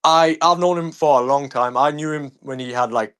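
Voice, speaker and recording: A man's voice: a little high, moderate pace, a bit bright, clear, resonant tone. A young man with a Birmingham accent, a streamer being interviewed, talking casually and ranting heatedly with lots of swearing. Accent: Birmingham English. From England. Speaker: streamer, guest.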